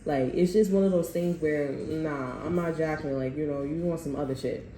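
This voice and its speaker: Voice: medium pitch, moderate pace. A tarot reader giving a casual reading to viewers, talking loosely with slang and swearing and often restarting sentences. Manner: loose, slangy and profane, rambling with many restarts. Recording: echoey room with faint noise.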